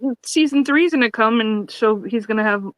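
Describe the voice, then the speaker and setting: A woman co-hosting a casual TV review chat, speaking in a measured, agreeable way. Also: a little high, dry recording, rough recording. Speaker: podcast co-host.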